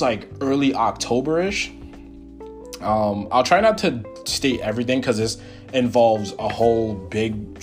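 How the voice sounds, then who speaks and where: Young male podcast host, casual storyteller, mid-pitched, salty language, faint guitar bed. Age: young adult. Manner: animated, profane, quotes people in his own voice.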